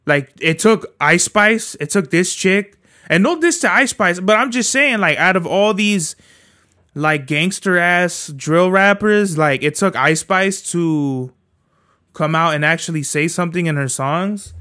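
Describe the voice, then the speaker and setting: A man's voice: high voice, animated, a little slow, pushed and bright, dry recording, clean studio sound. A man hosting his own podcast from home, chatting in a rambling, profane, slang-heavy way. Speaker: podcast host. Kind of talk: casual solo podcast chat.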